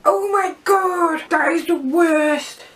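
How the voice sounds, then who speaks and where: A woman putting on a squeaky childlike character voice, reacting loudly to food in a challenge vlog. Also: slow, exaggerated voice. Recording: distant mic, faint background noise.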